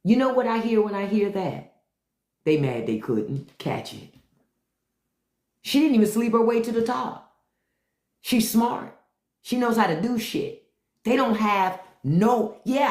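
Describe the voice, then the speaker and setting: A woman hosting a live stream, ranting bluntly and profanely and mocking the people in her chat. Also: on the high side. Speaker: podcast host on a live stream. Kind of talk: unfiltered live-stream rant. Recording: echoey room.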